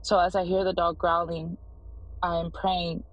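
A woman in her thirties earnestly recounting her own experience in a voicemail, with halting restarts. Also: fairly low pitch, level tone, no room sound, highs cut off. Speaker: voicemail caller. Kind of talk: first-person story.

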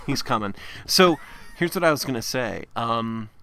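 Man, podcast co-host, bright voice, rambling casual chat. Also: mid-range voice, lively intonation, normal speed, clean tone. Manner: rambling, self-interrupting, laughs often.

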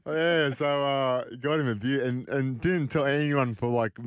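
An Australian man hosting a podcast, telling sports anecdotes in a lively, animated way. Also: mid-range voice, unhurried, clean tone, no room sound, clean studio sound. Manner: animated anecdote teller, mimics voices. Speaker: podcast host. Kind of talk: casual storytelling chat.

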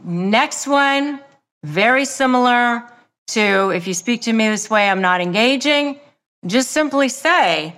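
A woman coaching listeners in a motivational advice talk, with emphatic, repetitive, measured delivery. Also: a little high, animated, a bit bright. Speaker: lawyer and negotiation coach.

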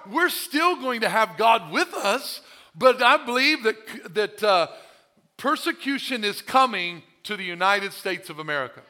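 A man's voice: sits high, pushed and bright. A male pastor preaching a sermon, emphatic and full of rhetorical questions.

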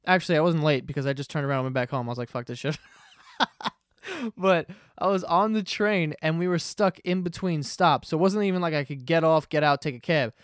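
A man's voice: fairly high pitch, brisk, no echo, clean studio sound. A young man, hosting a podcast as a profane, rambling comedic monologue. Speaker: podcast host.

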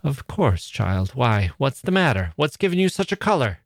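A man's voice: mid-range voice, big pitch swings, normal speed, gravelly, no echo, studio quality, pitched above the performer's own voice. A man reading aloud, voicing a poised upper-class mother who talks in an airy, condescending way.

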